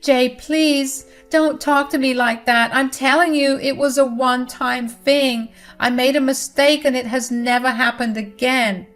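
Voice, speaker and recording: A shrill, whiny middle-aged mother-in-law sobs and begs, her voice climbing high and tight, as a woman narrator puts her on. She is scheming and desperate. It is told as a storybook read aloud. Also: steady tone, a little slow, hardly any pauses, fairly bright tone, soft background music. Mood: tearful pleading. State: crying.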